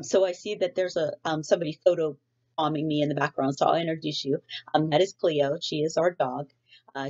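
Husky-voiced woman teacher, friendly and chatty. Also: deep voice, darkish tone, lo-fi sound. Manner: friendly, chatty, many fillers. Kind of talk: storybook read-aloud for students. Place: home.

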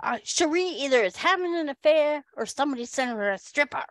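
A woman voicing a brash, excitable female coworker who talks bluntly and insistently. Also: sits high, brisk, dry recording, pitched above the performer's own voice.

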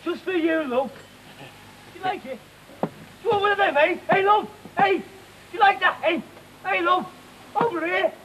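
A man playing a loutish young soldier who taunts and shouts. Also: very high-pitched, a little slow, pauses often, slight background noise, full character voice, rough recording. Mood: jeering. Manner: taunting, shouting, barking drill commands.

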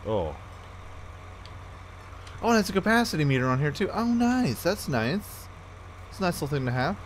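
A man's voice: on the high side, very animated, normal speed, a little hiss or hum. A man casually commenting on a farming game as he plays, chatting to himself and the game with jokey asides. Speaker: gameplay commentator.

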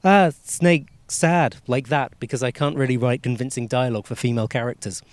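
A man voicing a deadpan woman telling a joke to her friends. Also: mid-range voice, brisk, dry recording, voice pushed down, close to an everyday voice. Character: woman named Katie, wry storyteller.

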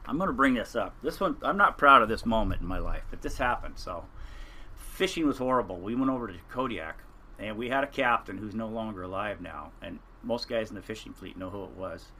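Bright-voiced older man telling sea stories. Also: lowish voice, lively intonation, brisk, slight background noise. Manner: rambling, earnest storytelling with restarts. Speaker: podcast guest, retired fishing captain. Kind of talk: casual storytelling interview.

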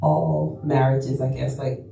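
A woman hosting a talk show, calmly adding a clarifying follow-up to her guest. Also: a bass voice, slow pace, creaky. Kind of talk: interview chat. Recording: echoey room, distant mic, faint music.

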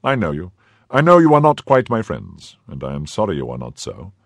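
A man's voice: deep voice, huge pitch swings, brisk, vocal fry, no echo, full character voice. A man voicing a stern, commanding older cardinal who questions sharply and speaks with clipped authority. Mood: imperious.

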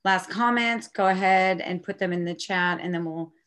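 Female workshop presenter; lower voice, relaxed and friendly. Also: normal speed. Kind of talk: online conference session.

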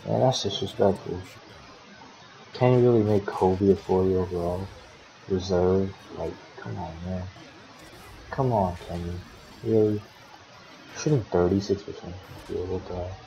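A man's voice: sits low, measured pace, gravelly, long pauses, dark tone, a little hiss or hum. A man casually calling the play-by-play of a simulated basketball game for his own team, swearing often and grumbling at his players. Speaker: team manager commentating a basketball sim league. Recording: dull lo-fi recording.

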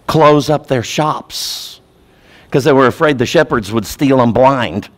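A man preaching a sermon as pastor, repeating key phrases and swinging between loud urgency and quiet, low emphasis. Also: measured pace.

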